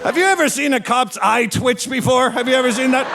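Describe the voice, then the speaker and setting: High gravelly stand-up comic. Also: male voice, lively intonation, fairly quick, few pauses, over a noisy crowd, very noisy. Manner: loud, brash, punchy storytelling with shouted quotes. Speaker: stand-up comedian. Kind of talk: stand-up storytelling.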